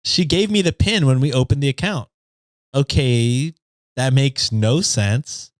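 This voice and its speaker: A man's voice: medium pitch, a little slow, dry recording. A man co-hosting a podcast, reading stories aloud in a casual chat and laughing often.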